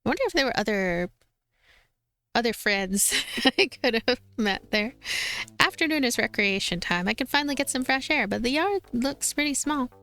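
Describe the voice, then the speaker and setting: A woman's voice: on the high side, expressive, normal speed, pushed and bright, no echo. Chatty woman commenting on gameplay. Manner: chatty, amused. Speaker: let's play host.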